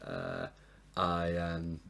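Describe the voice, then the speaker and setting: A low-voiced man, in his late twenties, talks through a music ranking from his desk mic. He rambles and sounds sleep-deprived, and he is quick to put himself down and apologise. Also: very animated, creaky, a bit bright. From England. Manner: rambling, self-deprecating, apologetic. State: tired from lack of sleep. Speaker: music reviewer. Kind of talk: casual album ranking monologue. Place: home room at a desk. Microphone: desk mic propped up, sometimes knocked.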